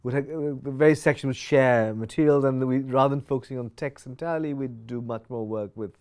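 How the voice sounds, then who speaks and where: A male professor answering interview questions, halting, with many restarts and fillers. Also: mid-range voice, darkish tone.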